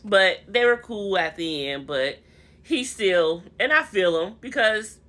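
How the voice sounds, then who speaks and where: Young woman gossiping thru a reality show recap, slangy, calls everyone honey, bright voice. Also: medium pitch, expressive, a little slow. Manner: chatty and slangy, addresses viewers as honey and y'all. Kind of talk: casual gossipy episode recap.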